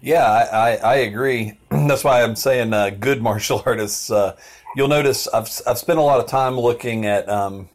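A man's voice: mid-range voice, moderate pace. A man hosting a podcast, talking casually with hesitations and fillers. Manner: hesitant, clears throat, fillers. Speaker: podcast host.

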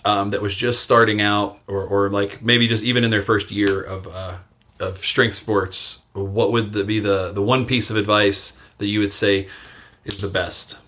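A man's voice: lowish voice, flat delivery, a little slow, pushed and bright. A man hosting a casual interview podcast, speaking hesitantly with many filler sounds. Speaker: podcast host.

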